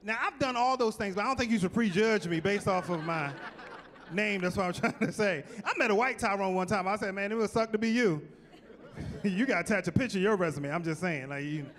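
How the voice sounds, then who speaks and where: High, lively male stand-up comic in a hall. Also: a little fast. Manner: animated, punchy delivery with rising exclamations. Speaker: stand-up comedian. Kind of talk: stand-up comedy set. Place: large theater stage. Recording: live hall with long reverb.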